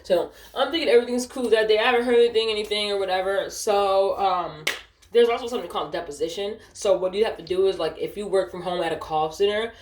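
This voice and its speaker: A woman's voice: mid-range voice, fast talker, a little hiss or hum. Woman ranting and cussing about an old job mid-game, voice bouncing around a roomy space. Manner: profane, ranting, easily distracted. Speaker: streamer telling a work story. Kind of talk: casual storytime while gaming.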